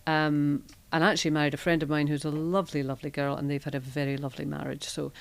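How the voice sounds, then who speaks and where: A middle-aged Scottish woman appears as a podcast guest, chatting candidly through frank, self-deprecating anecdotes. Her low, gravelly voice is delivered flatly and fast. The recording is dry.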